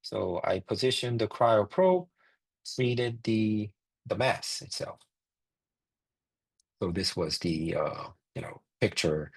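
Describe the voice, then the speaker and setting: A man's voice: fairly low pitch, animated, slow pace, creaky, long pauses, slightly rough, poor audio. A man, a physician, presenting clinical cases in a lecture, talking plainly and thinking aloud with frequent fillers. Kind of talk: medical case presentation.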